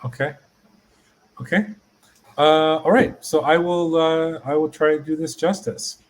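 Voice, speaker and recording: A man's voice: on the high side, fairly even intonation, a little slow. A man hosting a podcast as a learner, asking eager, curious questions and restarting his sentences as he thinks. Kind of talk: casual podcast chat.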